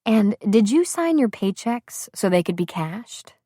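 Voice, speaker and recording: A woman voicing a kind young mother who speaks gently and patiently. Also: medium pitch, big pitch swings, unhurried, dry recording, studio quality, voice pushed up. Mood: gentle.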